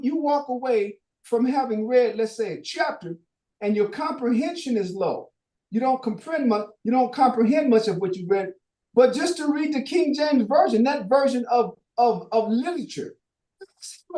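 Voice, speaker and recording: A man leads a Bible study in an echoey room, preaching loosely in street slang with the odd curse. He keeps quizzing his listeners with rhetorical questions, and his voice has a mellow, darker tone. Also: extremely high pitch. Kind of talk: informal preaching Q&A.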